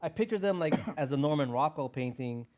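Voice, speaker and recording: A man's voice: a little high, animated, brisk, darkish tone. A man in his fifties, a guest artist in a casual interview, talking in a laid-back, rambling way with lots of "like" and "um". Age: 50s.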